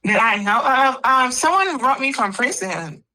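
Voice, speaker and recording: A woman's voice: sits high, lively intonation, measured pace, bright, forceful tone, poor audio. A woman answering interview questions in a hesitant, casual way, full of fillers. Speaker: interview guest. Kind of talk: casual chat.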